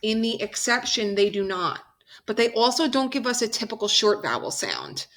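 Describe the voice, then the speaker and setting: A woman giving a phonics lesson in a bright, clear voice. She talks slowly and patiently and draws out each example sound. She often pauses to check that her students follow. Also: fairly high pitch, sing-song. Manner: patient, slow and deliberate, drawing out example sounds. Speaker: teacher.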